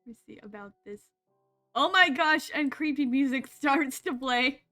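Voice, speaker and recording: A woman's voice: sits high, lively intonation, moderate pace, pushed and bright, soft background music. A woman hosting a casual stream, joking around and laughing often. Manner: giggly, joking, frequent laughter. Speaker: streamer host.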